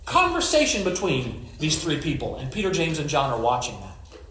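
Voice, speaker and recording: Scripture becomes storytelling in this pastor's easygoing, conversational sermon, complete with joking asides. His slightly high voice swings broadly in pitch at a normal speed, with a roomy echo and slight background noise.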